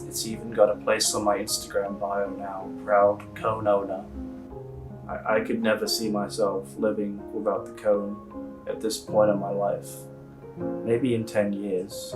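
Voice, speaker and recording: Young guy w a lowish flat voice, rambling deadpan story full of "like"s, mic a bit far off. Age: young adult. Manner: rambling, many fillers, deadpan. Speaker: interviewee. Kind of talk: casual storytelling interview.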